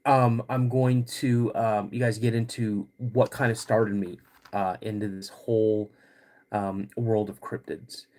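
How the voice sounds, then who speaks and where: A man in his fifties hosting a live podcast stream, greeting chat viewers by name in a halting way while getting over a cold. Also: on the low side, flat delivery, darkish tone. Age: 50s. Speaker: podcast host.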